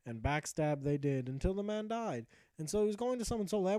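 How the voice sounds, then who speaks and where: A man's voice: high-pitched, lively intonation, brisk, mellow, no echo. A man narrating his video game playthrough as a jokey, profane mock-epic tale. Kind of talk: comedic game commentary told as a tale.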